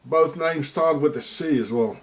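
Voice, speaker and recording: In an unhurried voice on the high side, a man from South Africa narrates a video, rambling sarcastically over what's on screen. He keeps repeating himself and restarting his words.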